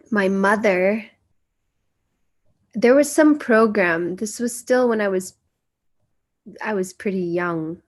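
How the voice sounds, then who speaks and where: An American woman from the United States, earnestly telling personal stories as a guest speaker and acting out the voices she quotes. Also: mid-range voice. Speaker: guest speaker sharing memories. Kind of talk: personal storytelling.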